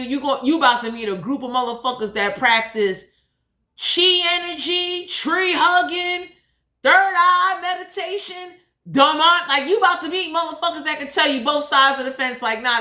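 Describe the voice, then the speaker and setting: A woman's voice: sits high, sharp tone. A woman doing a blunt, profane, heated tarot reading in a casual monologue. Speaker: tarot reader. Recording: echoey room.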